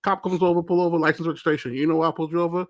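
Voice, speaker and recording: A fairly high-voiced man from Brooklyn telling animated stories in a loose chat, jumping into loud impressions of the people he quotes. The sound is dry and close. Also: rapid-fire, dry recording. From Brooklyn, New York. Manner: animated storyteller who acts out quotes loudly. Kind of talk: casual chat, animated storytelling.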